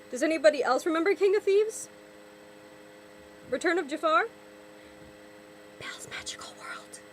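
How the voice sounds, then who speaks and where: A woman's voice: sits high, slight background noise, poor audio. A young woman vlogger ranting sarcastically, exasperated, often repeating and restarting her words. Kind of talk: ranting vlog commentary.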